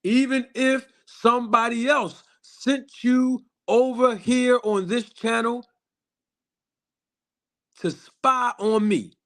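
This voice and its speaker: A man's voice: very high-pitched, fairly even intonation, fairly bright tone. Emphatic man hosting a live stream. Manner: emphatic and repetitive, addressing viewers directly; slows down for emphasis on key lines. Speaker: boxing YouTube channel host.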